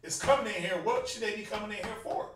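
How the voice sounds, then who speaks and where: A man's voice: high voice, fast, a bit bright. A man with a Southern US accent teaching a religious class in a casual, joking, conversational way, laughing often and using slang. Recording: echoey room, mic far off, faint hiss.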